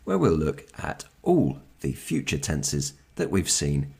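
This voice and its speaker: Man, London accent, English teacher, deep gravelly voice, slow careful grammar lesson. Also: wildly swooping pitch, darkish tone. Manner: slow and careful, repeating example sentences.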